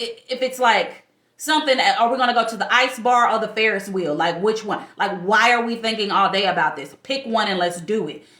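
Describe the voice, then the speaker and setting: A woman's voice: medium pitch, a bit bright. Chatty woman in her forties, roomy sound. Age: 40s. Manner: chatty, candid, emphatic with rhetorical questions. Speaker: life coach. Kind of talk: casual talking-to-camera vlog.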